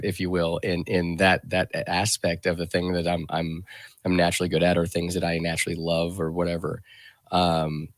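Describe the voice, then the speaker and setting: A man hosting a radio talk show, speaking reflectively in a rambling, halting way full of restarts and fillers. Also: deep voice, a bit bright, dry recording.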